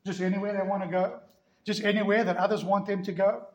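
Pastor guy preaching hard, high voice, lots of questions, echoey room. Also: little pitch movement, quick pace, dull audio. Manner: emphatic, asks rhetorical questions. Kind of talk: sermon.

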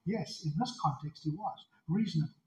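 A man's voice: on the high side, fairly quick, warm tone, poor audio. A male pastor preaching an expository sermon in an earnest, emphatic way, often repeating his key phrases.

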